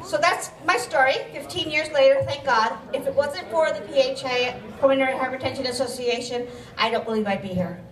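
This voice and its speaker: A woman with grandchildren giving a candid, chatty talk at an event, often out of breath and gently joking. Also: high voice, fairly quick, distant mic. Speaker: patient speaker. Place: event venue. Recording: echoey hall, mic from afar.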